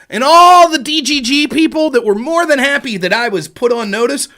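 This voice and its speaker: A man's voice: extremely high pitch, expressive, a little fast, few pauses, bright, forceful tone. A man hosting a livestream, ranting in a sarcastic, profane way. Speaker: streamer host.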